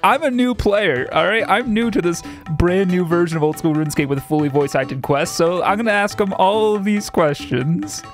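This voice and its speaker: Excitable joking gaming YouTuber man. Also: high voice, moderate pace, soft background music. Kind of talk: casual gaming commentary.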